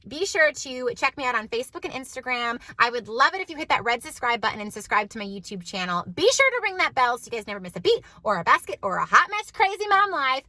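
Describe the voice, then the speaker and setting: A woman's voice: high voice, bright, forceful tone, no echo. A woman in her thirties, a mom vlogger talking chattily and emphatically to her viewers from her car. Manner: bubbly, emphatic, conversational. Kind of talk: chatty vlog talk to camera.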